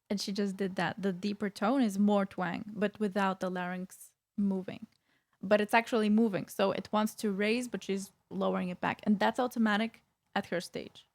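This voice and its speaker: A woman's voice: mid-range voice, darkish tone. A woman vocal coach explaining singing technique in a casual reaction video, with frequent fillers and restarts.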